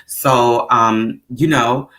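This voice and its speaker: A woman with a Brooklyn accent telling stories as a guest, animated and full of acted-out quotes. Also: drawn-out words. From Brooklyn, New York. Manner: animated storyteller, acts out quotes with big pitch swings. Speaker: guest actor. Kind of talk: casual storytelling interview.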